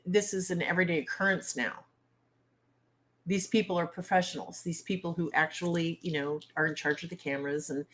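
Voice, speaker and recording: Blunt, outspoken woman with a lowish voice. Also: fairly bright tone. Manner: blunt, outspoken, salty turns of phrase; talks straight to viewers with questions. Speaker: author and livestream host. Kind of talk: casual livestream chat.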